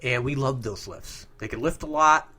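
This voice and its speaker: A man's voice: medium pitch, normal speed, pushed and bright. A man co-hosting a paranormal webcast, telling a work story and joking in casual chat. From Southern Tier of New York.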